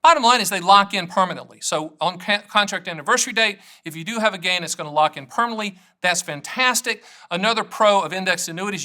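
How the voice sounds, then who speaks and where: A middle-aged man, an annuity agent, talking straight to camera in an energetic, joking way that wanders off on tangents. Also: high voice. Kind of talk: casual direct-to-camera talk.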